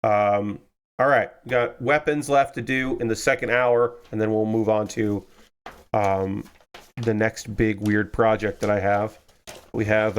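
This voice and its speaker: A tired man hosting a casual model-building live stream, rambling in a relaxed way with lots of filler words and restarts. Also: mid-range voice, clean tone. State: tired, yawning.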